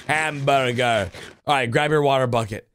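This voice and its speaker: A man hosting a reaction video, excitedly commenting and cheering characters on with loud exclamations. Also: mid-range voice, normal speed, slight background noise. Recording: music playing under the voice.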